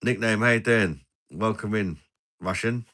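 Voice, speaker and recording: A man's voice: lowish voice, measured pace, a bit bright. A British man hosting a casual live stream, rambling jokily and laughing as he chats over drinks. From Britain. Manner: rambling, jokey banter with frequent laughs.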